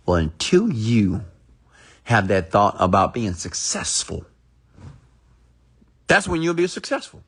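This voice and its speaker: A man's voice: on the low side, big pitch swings, unhurried, pauses often, a bit bright, breathy edge. A man telling a motivational story in a rambling, emphatic, repetitive way. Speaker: motivational speaker.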